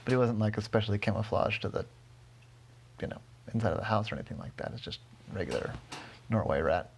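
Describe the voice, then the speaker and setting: A man telling his daughter an improvised bedtime story, gentle and rambling, often correcting himself. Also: lowish voice, fast talker, creaky, slightly rough.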